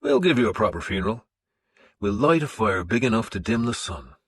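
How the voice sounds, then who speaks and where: A man voicing a grinning, loyal warrior who speaks softly and wryly. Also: on the low side, expressive, fairly quick, a little hiss or hum, voice pushed up, lightly acted. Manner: soft, wry and teasing. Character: grinning loyal male warrior, wry and menacing. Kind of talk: audiobook character voice.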